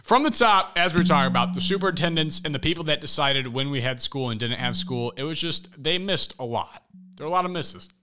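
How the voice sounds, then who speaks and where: Bright-voiced young man ranting casually. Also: a little high, fast, clean tone. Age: young adult. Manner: animated storyteller, rants with "bro" and "like". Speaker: podcast co-host. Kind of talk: casual chat.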